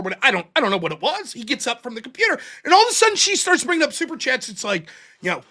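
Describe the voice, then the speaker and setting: A high-pitched man ranting on his livestream, his voice swinging up and down as he mocks people. He sounds bright and cutting. He swears freely. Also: fast talker. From United States. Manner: animated ranting, profane, mimics others mockingly. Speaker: host. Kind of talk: casual livestream debate chat.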